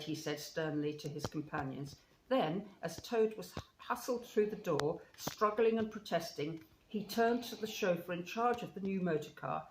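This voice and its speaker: A woman with a fairly low voice reads a classic children's story aloud in an expressive, measured way. The recording sounds roomy, with a faint background hiss. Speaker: storybook reader.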